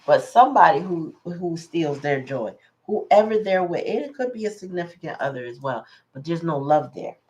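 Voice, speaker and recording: A woman's voice: sits low, animated, normal speed, few pauses, a little mellow, dull audio. A woman giving a casual live tarot reading, musing aloud and greeting her viewers. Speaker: tarot reader.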